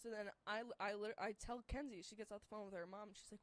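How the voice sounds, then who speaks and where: A young woman telling a story in casual chat, rambling with many fillers and turning shrill and laughing when excited. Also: fast talker, hardly any pauses, no room sound.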